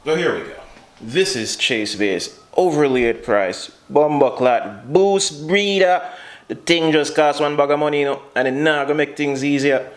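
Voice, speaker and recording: A man's voice: fairly high pitch, a little slow, pitched above the performer's own voice, close to an everyday voice. A man putting on a drawling joker. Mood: mocking. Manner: exaggerated, drawled, playful. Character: loud joking man in a put-on island accent.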